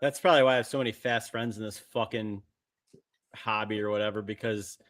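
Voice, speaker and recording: A man's voice: fairly low pitch, fairly even intonation, fairly quick, fairly bright tone. A man in casual podcast chat, agreeing and chiming in with blunt, swearing asides.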